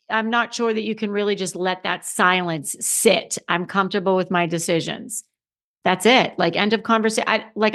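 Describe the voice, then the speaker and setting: A woman's voice: medium pitch, fairly bright tone. Emphatic woman hosting a solo podcast. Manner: conversational, emphatic, with restarts and repeated phrases. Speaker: podcast host and confidence coach.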